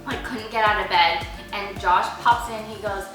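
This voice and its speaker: A young woman chatting as a guest over a meal, an animated storyteller who acts out the voices of people she quotes. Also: medium pitch, normal speed. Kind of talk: casual chat over a meal. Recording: echoey room, mic far off, music behind.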